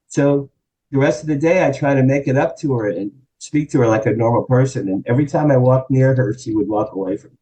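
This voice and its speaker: A man from New Jersey in his sixties, telling an animated anecdote as a guest on an interview show and acting out the quotes. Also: medium pitch, fairly quick, low-quality recording. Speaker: guest, publicist and author. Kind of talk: storytelling in an interview.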